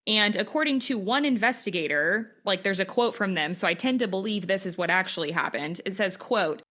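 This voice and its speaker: A woman's voice: medium pitch, lively intonation, a little fast, bright, forceful tone. A woman hosting a podcast, recounting case details in casual chat with plenty of fillers. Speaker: podcast host. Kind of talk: casual true-crime chat.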